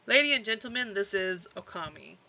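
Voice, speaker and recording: A formal, wealthy older man introducing guests at a meeting, read out by a male streamer. The tone is bright and the delivery stays plain and measured. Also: mid-range voice, expressive, creaky, a little hiss or hum, exaggerated voice, rough recording.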